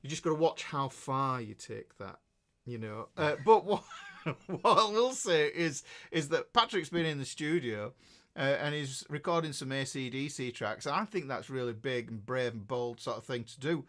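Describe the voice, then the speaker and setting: Here the same sort of Yorkshire-accented, middle-aged guitar teacher speaks at a moderate pace in a mid-range, fairly bright voice with lively intonation. Reading live chat messages aloud, he rambles chattily, filling gaps and interrupting himself constantly.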